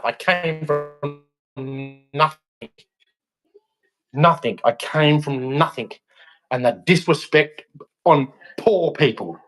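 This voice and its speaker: An angry young Australian man in a heated, repetitive rant aimed at a politician. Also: fairly high pitch. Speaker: vlogger.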